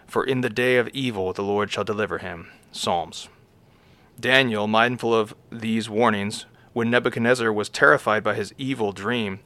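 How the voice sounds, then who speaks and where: A man reading an old homily aloud in a measured way, naming each scripture source after he quotes it and now and then stumbling and correcting himself. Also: on the low side, a bit bright. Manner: occasional stumbles and self-corrections. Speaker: reader of a homily.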